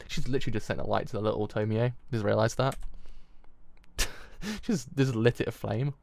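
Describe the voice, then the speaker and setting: A man's voice: lowish voice, fairly even intonation, brisk, vocal fry, pauses often, a little mellow, no room sound. A young man with a British accent reading a manga aloud live and reacting with casual, joking asides into a close mic.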